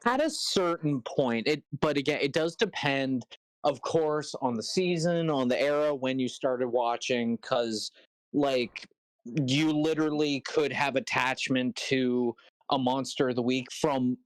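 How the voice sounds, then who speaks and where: A man's voice: medium pitch, measured pace, clean tone, no echo, poor audio. A man co-hosting a casual podcast, leading the episode recap with many fillers and restarts.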